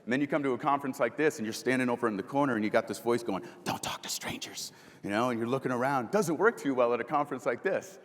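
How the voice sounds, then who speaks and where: A man giving a live motivational talk at a conference, putting questions to the audience and guiding them through breathing exercises. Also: medium pitch. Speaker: motivational speaker. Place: large conference hall. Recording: long hall reverb.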